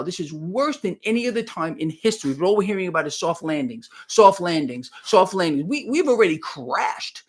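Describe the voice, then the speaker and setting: Animated, emphatic male market commentator. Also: high voice. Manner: exclaiming, sarcastic, emphatic, addresses viewers directly. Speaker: finance commentator hosting a live stream.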